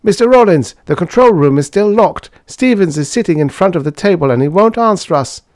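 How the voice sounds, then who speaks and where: A man voicing a wild-eyed mechanic who bursts in to report trouble, in a high, urgent voice. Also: animated, a little fast, darkish tone, no echo, clean studio sound. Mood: alarmed. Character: panicked young male mechanic, wild-eyed.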